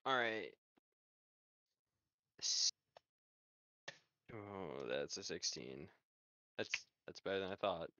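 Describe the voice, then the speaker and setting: A man playing in a tabletop game, chatting casually with quick asides. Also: low voice, lively intonation, sharp tone, no echo. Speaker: player. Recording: dull lo-fi mic.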